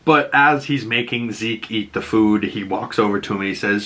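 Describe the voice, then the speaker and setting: A man breaks down a TV episode in an excitable, rambling recap, tossing "like" into nearly every sentence. His voice sits a little low but comes across bright and forceful, pushing hard through each scene. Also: moderate pace, few pauses. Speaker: show reviewer.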